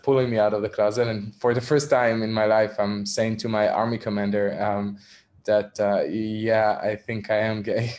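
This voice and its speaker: Candid man telling a personal story. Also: fairly low pitch. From Israel. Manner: candid, self-deprecating, frequent ums and soft laughs. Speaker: activist speaker. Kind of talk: personal storytelling in a virtual talk. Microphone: video call.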